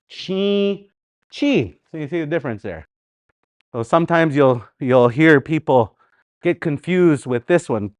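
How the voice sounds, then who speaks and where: A man teaching a live language class, animated, repeating words slowly for practice and sometimes singing phrases to show their tune. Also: on the high side, no echo.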